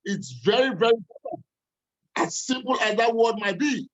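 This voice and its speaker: A man's voice: high voice, moderate pace. A man giving a motivational coaching talk, emphatic and repeating his phrases often. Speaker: life coach. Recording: slightly muffled recording.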